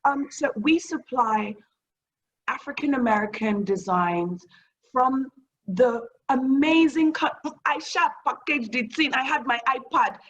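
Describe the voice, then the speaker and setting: A woman tells a lively motivational story, acting out conversations and adding preacher-like blessings. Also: sits high, a little slow, muffled recording. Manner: animated, acts out dialogue, preacher-like blessings. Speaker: guest speaker.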